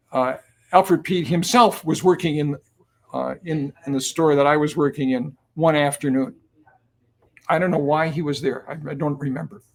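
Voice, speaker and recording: A man in his seventies, a guest on an interview show, telling long stories in a relaxed, anecdotal way with many ums and uhs. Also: a little high. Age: 70s. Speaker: guest, company cofounder. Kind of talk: conversational storytelling.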